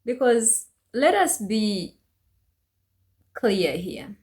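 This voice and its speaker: A woman hosting her channel, giving reaction commentary with earnest, drawn-out emphasis. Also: on the high side, big pitch swings, darkish tone. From Uganda. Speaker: channel host.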